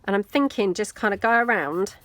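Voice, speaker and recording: A woman's voice: medium pitch, expressive, fairly quick, a bit bright. A British woman hosting a casual crafting video, chatty and self-deprecating as she thinks aloud while she works. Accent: British English. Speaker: mixed media craft video host. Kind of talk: casual crafting tutorial, talking while working.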